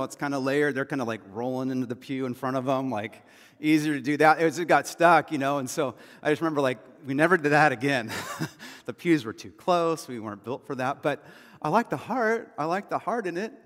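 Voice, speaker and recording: A man's voice: mid-range voice, fairly bright tone. A man preaching a sermon as pastor, talking in a loose, conversational storytelling way with asides and repeated phrases. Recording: long hall reverb.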